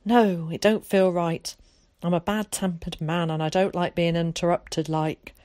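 A woman voicing a young village boy who speaks in a rustic, gruff way while rehearsing grumpy lines. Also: lowish voice, flat delivery, unhurried, a little mellow, dry recording, clean studio sound, close to an everyday voice. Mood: frustrated.

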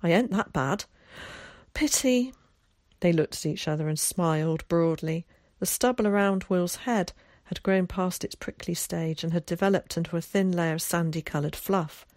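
A woman narrating a children's novel in a measured, expressive way. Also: on the low side, dry recording, studio quality. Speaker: audiobook narrator. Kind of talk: storybook narration.

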